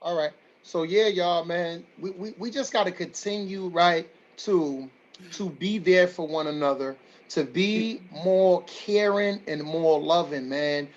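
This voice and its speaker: A man's voice: on the high side, a little slow, highs cut off. A man hosting a community forum over a video call, emotional and rallying, repeating his phrases for emphasis. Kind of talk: livestreamed community meeting.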